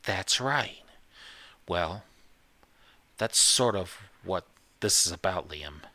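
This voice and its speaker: A man's voice: low-pitched, lively intonation, slow pace, sharp tone, dry recording, full character voice. A man voicing a condescending woman school counselor with a Southern US accent, talking down in a patronizing way. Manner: patronizing, talks down.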